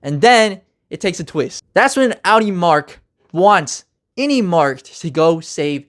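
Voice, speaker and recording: A young man casually reviewing a TV finale with energetic, slangy, joking talk. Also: sits high, takes it slowly. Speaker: TV review host.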